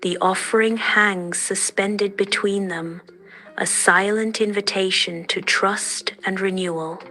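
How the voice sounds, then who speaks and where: Slow, gentle female storyteller. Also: mid-range voice, fairly even intonation, soft background music. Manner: gentle, measured, dreamy. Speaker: narrator. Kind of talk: soft storytelling narration.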